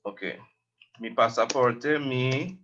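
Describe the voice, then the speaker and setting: A man teaching a language lesson, slowly explaining words and repeating them. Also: medium pitch, fairly bright tone, highs cut off.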